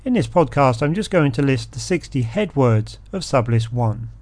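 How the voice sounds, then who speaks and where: A man hosting an educational podcast, reading a scripted explanation and a word list in a measured, steady way. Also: medium pitch, no echo. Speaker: podcast host.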